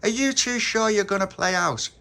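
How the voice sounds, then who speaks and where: High lively kid voice, bit stroppy, man doing it in a story. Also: brisk. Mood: doubtful. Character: lively young boy, little Pab.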